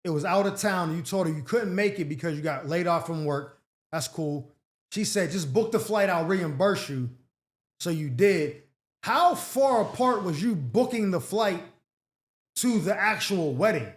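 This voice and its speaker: Man, advice host, blunt, slangy, animated, high-pitched, echoey room. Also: normal speed. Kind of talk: casual advice commentary on listener letters.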